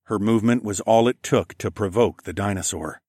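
A man's voice: lowish voice, brisk, darkish tone, no echo, clean studio sound. A man narrating a first-person story in a gritty, profane storytelling manner. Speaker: audiobook narrator.

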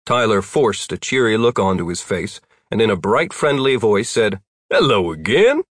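A man narrating a storybook audiobook in an even, wry storytelling manner on a close mic. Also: fairly low pitch, moderate pace, no room sound.

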